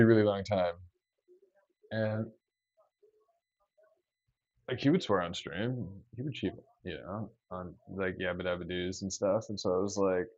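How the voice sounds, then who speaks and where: A man streaming and chatting loosely with his viewers, with easy laughs and casual swearing. His voice sits low. The sound is dry and a little dull. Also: darkish tone, no room sound.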